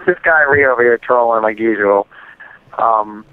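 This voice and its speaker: A man's voice: medium pitch, moderate pace, no room sound. A man in a casual gaming podcast chat, heated and ranting about a fighting game. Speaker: podcast guest. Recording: tinny phone-like line.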